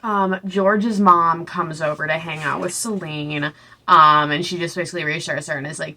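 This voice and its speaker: A young woman casually recapping a book, sarcastic and chatty, acting out the characters' lines in quick little voices. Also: low-pitched, fairly even intonation, sharp tone. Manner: sarcastic, chatty, full of "like" and asides. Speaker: book reviewer.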